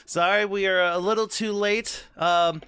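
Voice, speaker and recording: A man's voice: sits high, steady tone, unhurried, a bit bright, smooth, no room sound. A man co-hosting a podcast in casual chat, playful and jokey, on a podcast microphone. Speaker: podcast co-host.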